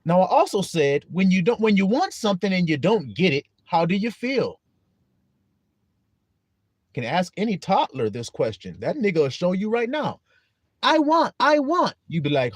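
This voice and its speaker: Lively, high-voiced man preaching. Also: moderate pace, dry recording. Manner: rhetorical questions, blunt and profane. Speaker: preacher teaching an online flock. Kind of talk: casual livestream sermon.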